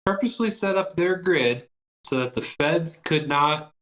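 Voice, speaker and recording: A man's voice: fairly high pitch, animated, unhurried, a bit bright. A man co-hosting a casual podcast chat, blunt and opinionated, swearing freely. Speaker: podcast co-host.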